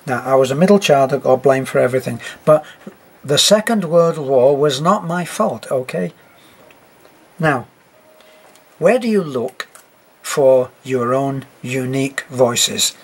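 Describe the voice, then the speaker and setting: A man's voice: on the high side, slightly rough. An older man teaching storytelling, speaking reflectively with wry asides. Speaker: narration teacher. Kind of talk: talk on narrating for children.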